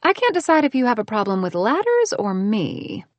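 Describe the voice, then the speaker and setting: A woman narrating an audiobook, voicing a cheerful, teasing young heroine in a bubbly, higher voice. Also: wildly swooping pitch, normal speed, dry recording. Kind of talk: audiobook character voice.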